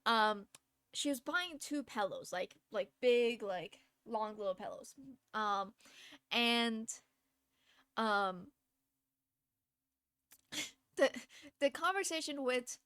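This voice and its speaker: A woman's voice: a little high, lively intonation, slow, long pauses, fairly bright tone, clear, resonant tone, dry recording. A woman live streamer telling a story in a chatty, casual way, laughing often between phrases. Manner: chatty, lots of fillers and restarts.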